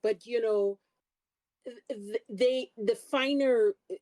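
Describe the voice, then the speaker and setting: A woman's voice: fairly high pitch, takes it slowly, dark tone, no room sound. A woman co-hosting a podcast in casual chat, chiming in with short agreements. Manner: chimes in with short agreements and laughs. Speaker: podcast co-host.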